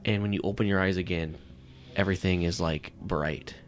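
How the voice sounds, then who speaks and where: A man's voice: low-pitched, steady tone, moderate pace, soft background music. A man narrating a tabletop game as game master, rambling and filling with "like" and "um.". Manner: rambling, full of "like" and "um".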